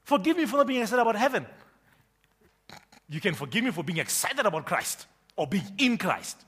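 Man, pastor, sermon, high-pitched, lively intonation, emphatic, questions the audience. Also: fairly quick, husky. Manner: emphatic, quizzing the congregation with repeated questions.

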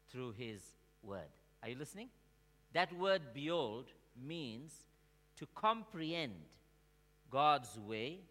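A male pastor preaching a sermon in a church, slow and emphatic, calling on the congregation to answer back and swinging from quiet to shouting. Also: medium pitch. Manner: call-and-response with the congregation. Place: church sanctuary. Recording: long reverb of a large hall.

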